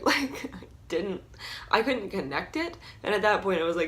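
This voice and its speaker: A young adult woman vlogger tells stories in a casual storytime vlog, her medium-pitched voice lively in intonation and moderate in pace. She's chatty and filler-heavy, saying "like" constantly and often breaking into laughter.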